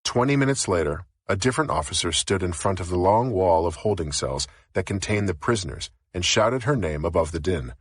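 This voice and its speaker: A man narrating a novel as an audiobook in a steady, even reading. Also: low voice, brisk, few pauses, slightly rough, dry recording, studio quality.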